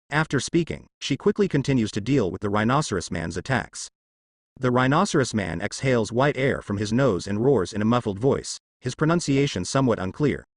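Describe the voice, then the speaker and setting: A man giving steady scripted narration of a translated web novel, reading sound-effect words aloud. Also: medium pitch, a little fast, no room sound, studio quality.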